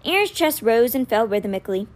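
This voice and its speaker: Woman reading a novel aloud, animated. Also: a little high, a little fast. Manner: expressive, animated. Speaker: storyteller.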